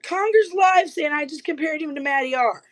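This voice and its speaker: A woman live streaming, confronting someone with rapid, repeated pointed questions while insisting she is calm. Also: high voice, low-quality recording. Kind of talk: livestream call-out rant. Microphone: phone.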